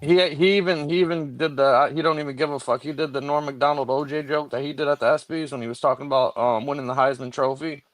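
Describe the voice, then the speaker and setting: Brief: male host, rapid delivery, loose profane banter, dry close sound. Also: fairly high pitch, steady tone, dry recording. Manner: loose, profane, rambling sports talk. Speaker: show host. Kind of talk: casual late-night chat.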